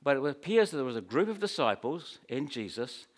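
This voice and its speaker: A man's voice: medium pitch, very animated, fairly quick. A man preaching a sermon in a conversational, storytelling way, with humorous asides.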